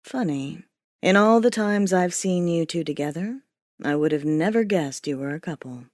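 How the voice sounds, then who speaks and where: A woman voicing a calm, stern male character who speaks in a measured, quietly pointed way. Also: on the low side, no room sound, studio quality, voice pushed down, lightly acted. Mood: cool. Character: calm, stern male rule-follower with a cool bite.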